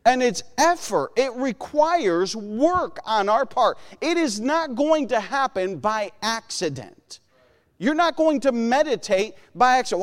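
A man's voice: very high-pitched, sing-song, unhurried. A man preaching a sermon in an earnest way, often acting out the voices he quotes. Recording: long hall reverb.

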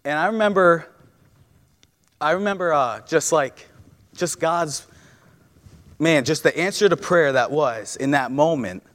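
A man's voice: a little high, measured pace, long pauses, fairly bright tone. Young male preacher, earnest, stumbling restarts, church hall with long reverb. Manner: earnest, repeats words and restarts often. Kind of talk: sermon with personal story.

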